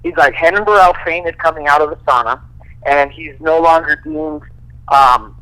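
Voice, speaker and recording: A man, a fighter guest, casually telling profane, animated stories full of quoted dialogue. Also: on the high side, normal speed, clean tone, rough recording. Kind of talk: casual storytelling.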